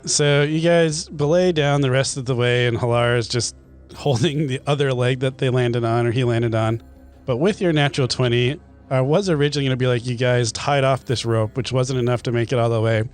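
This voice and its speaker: A man narrating a tabletop game as game master, in a relaxed, loose manner. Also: mid-range voice, a little fast, smooth, faint music behind.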